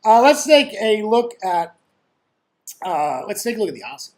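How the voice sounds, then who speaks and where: Chatty high-voiced man. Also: sing-song, moderate pace, long pauses. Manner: chatty, constantly asks "right?"; blunt and joking. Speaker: forex trading educator. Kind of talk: casual screen-share trading commentary.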